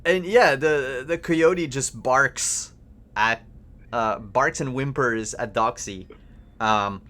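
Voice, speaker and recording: A Canadian-accented man runs a tabletop game in a mid-pitched voice. He narrates in a relaxed, halting way, pausing on fillers as he describes the scene. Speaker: game master.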